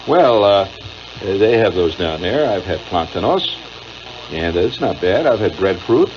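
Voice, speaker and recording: A man's voice: deep voice, big pitch swings, moderate pace. A middle-aged man with a Midwestern American accent, a radio host telling a wry, digressive monologue full of uhs. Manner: wry, digressive, chuckling storyteller with many uhs. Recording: dull lo-fi old radio broadcast with faint hiss.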